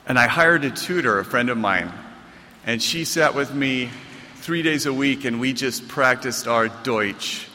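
A man's voice: mid-range voice, unhurried, long reverb tail, a little hiss or hum. An American man, an author at a reading, telling a comic, self-mocking story to a live audience. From United States. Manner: animated, self-mocking delivery.

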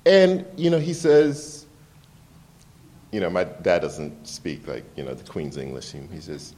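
A man's voice: low-pitched, slight background noise. A man, an author, telling personal stories in an interview with frequent restarts and laughter. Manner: animated, laughs often, halting restarts. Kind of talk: candid conversational storytelling.

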